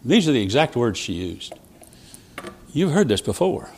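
A man preaching a sermon as a traveling preacher, telling stories with quoted dialogue and sudden loud rises and soft drops. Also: mid-range voice, very animated, normal speed, vocal fry, slightly rough.

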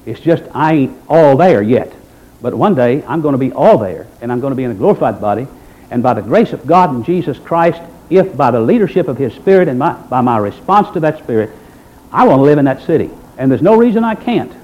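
A man preaching a sermon with folksy drama. His mellow voice rises and falls in wide swings, and he drops into quiet, mocking asides. The recording sounds dull and lo-fi. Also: medium pitch, lively intonation, fairly quick. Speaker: pastor.

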